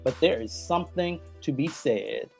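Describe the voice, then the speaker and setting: A man's voice: a little high, lively intonation, normal speed, vocal fry, darkish tone, faint music behind. A man hosting a podcast, delivering a blunt, emphatic and profane opinion rant. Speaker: podcast host.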